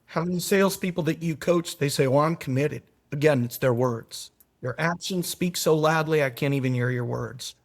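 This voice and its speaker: A man's voice: on the high side, moderate pace, vocal fry. A man who is a guest on a podcast, telling folksy stories and acting out the voices in them. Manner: folksy storyteller, acts out voices in his anecdotes. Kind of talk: casual interview storytelling.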